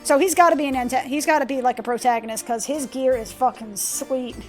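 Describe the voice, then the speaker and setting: A woman's voice: sits high, fairly even intonation, fairly quick, soft background music. A woman casually commenting on a video game in an irreverent, joking, profane way, tired and with a sore throat. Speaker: let's play gamer.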